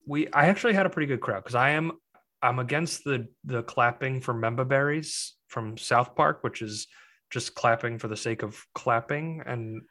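A young man in casual podcast chat, talking in loose, rambling runs. He restarts often and drops dry, exasperated asides. His pitch sits in the middle range. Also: moderate pace, pushed and bright. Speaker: podcast co-host.

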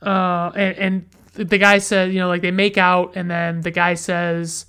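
A woman's voice: lowish voice, completely flat delivery, unhurried, few pauses, a bit bright, clean tone. A woman hosting a casual movie review show, rambling and restarting her sentences, blunt and swearing freely. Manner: rambling, frequent restarts and profanity, blunt opinions.

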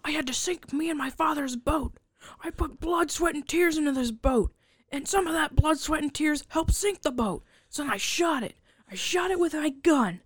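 A woman's voice: sits high, normal speed, no room sound, pitched above the performer's own voice, natural voice. A woman doing a grumbling man mourning his boat. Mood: indignant. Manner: whiny, going on and on. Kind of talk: casual chat.

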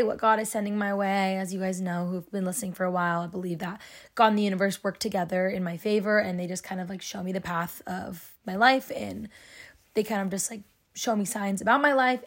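A young woman talks alone into her podcast mic in a medium-pitched, sensitive voice. She is earnest and open, and her sentences wander and restart around frequent fillers. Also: fast. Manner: earnest, rambling, heavy use of "like". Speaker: podcast host. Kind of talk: casual solo podcast talk.

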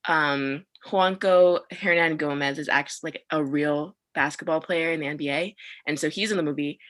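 A young woman co-hosting a podcast in casual chat, talking fast and laughing often. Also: low voice, fairly even intonation, fairly bright tone. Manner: chatty, laughs often, quick asides. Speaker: podcast co-host.

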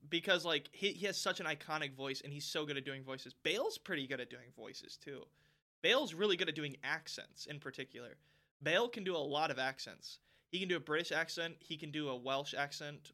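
Bright-voiced rambling young man. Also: a little high. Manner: rambling, filler-heavy, swings loud when excited. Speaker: podcast co-host. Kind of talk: casual chat.

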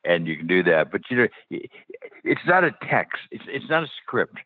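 A man's voice: on the low side, big pitch swings, normal speed, husky, dry recording. A man speaking as a guest on a radio interview, telling faith stories in a passionate, eager way and often restarting his sentences. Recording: dry, tinny phone-like radio sound.

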